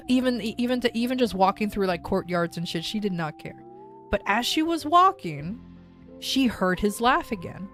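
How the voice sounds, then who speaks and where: A woman's voice: medium pitch, animated, normal speed, fairly bright tone, faint music behind. A young woman streamer telling a story in a casual, rambling way, with restarts and casual swearing.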